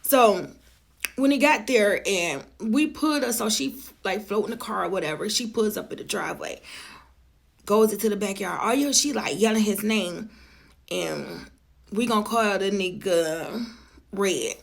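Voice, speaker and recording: A woman in her forties telling a personal story in a blunt, profane and animated way. She talks quickly and emphatically, turns to the audience with asides, and slows down to stress her points. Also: mid-range voice, gravelly. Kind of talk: casual storytime monologue.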